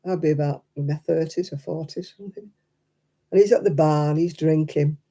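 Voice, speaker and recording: A woman's voice: sits low, steady tone, a little fast, warm tone. An older woman hosting a crafting livestream, telling stories in casual chat and laughing often as she talks. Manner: chatty anecdotal storyteller, laughs often.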